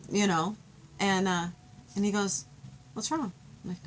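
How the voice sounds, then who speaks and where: A woman gives a love reading from a card deck, talking in a gentle, chatty, heartfelt way. Her voice sits at an everyday middle pitch. A faint hiss runs under the recording. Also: moderate pace, long pauses, low-quality recording. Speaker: tarot card reader. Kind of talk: intuitive card reading to camera.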